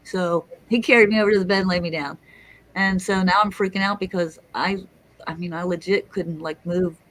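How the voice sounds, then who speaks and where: A middle-aged woman telling a story in casual chat, lively and swearing, acting out the people she quotes. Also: lowish voice, poor audio. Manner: animated, swearing, acts out quotes. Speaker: guest storyteller.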